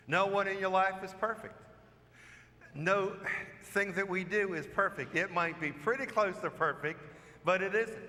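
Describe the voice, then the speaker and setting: High bright-voiced priest preaching in church. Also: male voice. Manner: storytelling, conversational preaching with rhetorical questions. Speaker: parish priest. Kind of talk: sermon. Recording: long church reverb.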